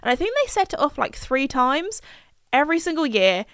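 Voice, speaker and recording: A woman's voice: high-pitched, very animated, fairly quick, a bit bright, no echo, studio quality. A young woman, chatting casually and rambling on her solo podcast, full of fillers and asides. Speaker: podcast host.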